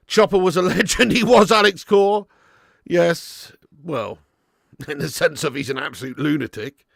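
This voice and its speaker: A man hosting a live football watch-along, who shouts at the big moments and laughs a lot between them. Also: on the high side, measured pace, vocal fry, dry recording, studio quality. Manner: excitable, shouts at goals, laughs often.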